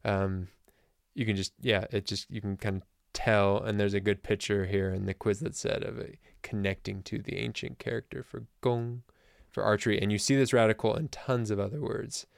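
A man's voice: on the low side, fairly even intonation, moderate pace, creaky, no room sound, clean studio sound. A man teaching a casual vocabulary lesson to camp members, chatty and self-deprecating with small jokes.

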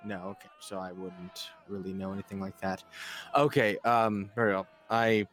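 A man's voice: low voice, fairly even intonation, normal speed, a bit bright. A man playing a pious character in a tabletop game, formal in character and stammering out of it. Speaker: player.

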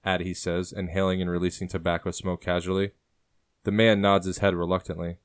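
A man narrating a historical story in a measured, even way. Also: low-pitched, smooth. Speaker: audiobook narrator. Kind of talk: scripted narration.

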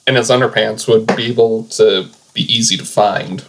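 A man's voice: fairly low pitch, fairly even intonation, normal speed, background noise. A man co-hosting a casual podcast over an online call, mostly chiming in with short reactions and dry jokes. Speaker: podcast co-host. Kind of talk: casual chat.

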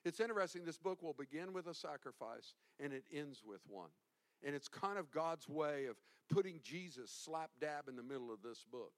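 A male pastor preaching a sermon, animated and emphatic, swinging from hushed to loud. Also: fairly high pitch, normal speed.

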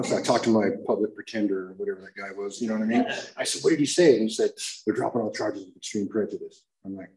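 A middle-aged American man sharing his recovery story at a meeting, rambling and animated, often saying "you know what I mean" and "dude", his voice climbing high when he acts out shouting. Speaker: recovery speaker. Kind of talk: recovery share. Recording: echoey room.

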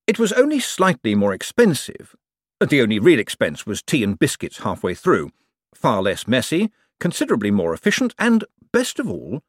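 A man's voice: medium pitch, no echo. A man narrating a comic fantasy novel as an audiobook, with a dry, wry storytelling manner. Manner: dry, wry storytelling with lively voiced characters.

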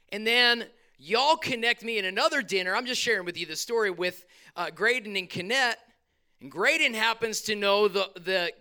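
A male pastor preaches in a church, talking to the congregation in a loose, conversational way. His voice sits high and sounds bright, smooth and clear. He acts out his own prayers and other people's lines as he goes. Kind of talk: sermon. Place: church sanctuary.

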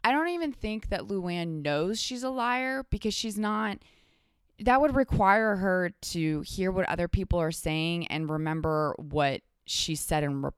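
A woman with a lowish, smooth, resonant voice. As a podcast guest she rambles through animated stories, stumbling and restarting as she goes. The sound is close and dry, with no room. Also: unhurried, no room sound. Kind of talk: casual chat.

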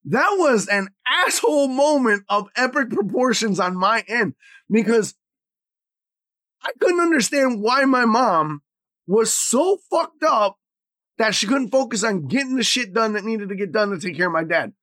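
A middle-aged man talking casually as a podcast co-host, blunt and profane, moving between loud outbursts and quiet reflection. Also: very high-pitched, lively intonation, measured pace, no echo. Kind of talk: casual chat.

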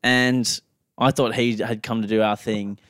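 A man with an Australian accent chats on a podcast. He is blunt and swears casually while he tells stories. His voice sits at a middle pitch, and the close mic sounds dry. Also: level tone, unhurried, fairly bright tone, no echo. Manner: blunt, swears freely, mimics people in anecdotes. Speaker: podcast co-host. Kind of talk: casual podcast banter and storytelling.

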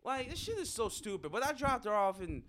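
A young adult man, a podcast co-host, telling a story in casual, animated, profane chat. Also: high-pitched, brisk, slight background noise.

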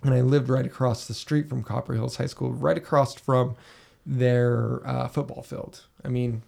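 Here the podcast host speaks unhurriedly in a creaky, medium-pitched voice. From his basement room he spins a casual, animated story, swearing as he acts out how he reacted.

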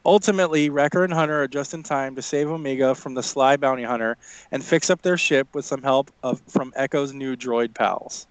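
A man's voice: medium pitch, fairly quick, clean tone, no room sound, poor audio. A man co-hosting a casual podcast over a video call, joking and reading out an episode recap. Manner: joking, reads a recap synopsis aloud. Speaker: podcast co-host. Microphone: home mic on a video call.

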